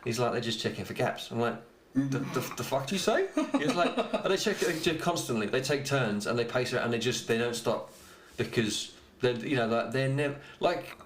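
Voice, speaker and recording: A man's voice: medium pitch, animated, a little fast. A man co-hosting a podcast, rambling in casual chat and swearing freely. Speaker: podcast co-host. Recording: echoey room with faint noise.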